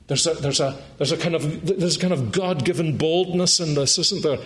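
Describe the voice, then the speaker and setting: A man preaching a sermon, slow and emphatic, with dramatic pauses and high, excited climaxes.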